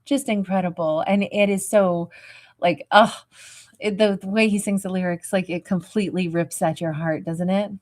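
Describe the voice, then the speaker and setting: A woman's voice: on the low side, steady tone, moderate pace. A woman hosting a livestream tarot reading, talking in a peppy, emphatic way and greeting viewers with endearments. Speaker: tarot reader and livestream host.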